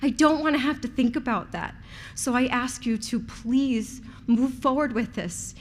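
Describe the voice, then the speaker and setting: A woman in her thirties speaks up at a school committee meeting, her high voice unsteady and tearful as she pleads. She is nervous and emotional, and a faint hum of the room sits behind her words. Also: unhurried. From outside Rhode Island. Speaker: resident giving public comment.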